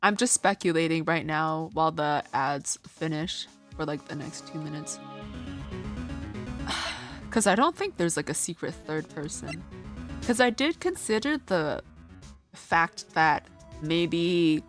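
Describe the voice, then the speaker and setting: A woman's voice: low voice, lively intonation, slow pace, music in the background. A woman streaming a video game, thinking aloud in a chatty way full of "like"s. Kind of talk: casual game stream commentary.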